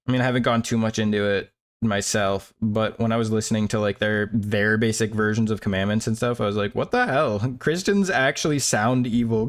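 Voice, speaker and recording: A young man chatting casually on a stream while drawing, rambling with lots of fillers and laughing at himself. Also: fairly low pitch.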